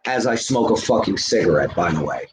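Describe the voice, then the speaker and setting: A man's voice: low voice, animated, brisk, echoey room, background noise. Heated, profane man ranting to chat. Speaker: livestreamer. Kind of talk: live stream rant to chat.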